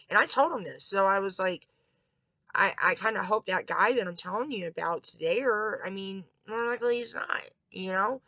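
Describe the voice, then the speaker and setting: A woman's voice: medium pitch, normal speed, bright, forceful tone, no echo, low-quality recording. A woman in a candid, rambling tarot vlog, confiding to her viewers about faith and leaving a relationship. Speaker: tarot reader and vlogger. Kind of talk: casual spiritual tarot talk.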